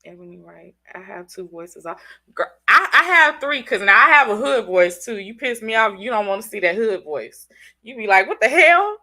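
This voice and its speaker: Woman hosting a livestream, stuffy from a cold, bright and lively delivery. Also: medium pitch, moderate pace. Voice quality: country-sounding speech. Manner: chatty, animated, talks straight to viewers. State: congested from a cold. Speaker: livestream host. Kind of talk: casual livestream chat.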